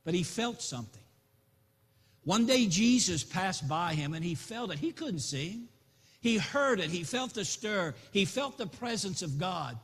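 High-voiced man preaching in a reverberant hall. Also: lively intonation, unhurried, slightly rough. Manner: impassioned, rising to loud appeals. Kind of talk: sermon. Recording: long reverb in a large hall.

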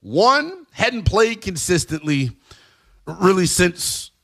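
Animated man ranting about baseball. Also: sits high, slow, creaky. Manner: animated, emphatic, slangy. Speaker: sports talk host. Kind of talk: opinionated sports commentary.

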